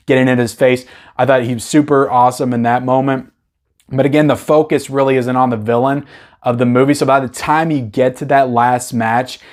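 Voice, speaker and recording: Male vlogger, mid-pitched, enthusiastic and rambling, ranking movies off the cuff without notes. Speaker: movie reviewer. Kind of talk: casual film ranking review.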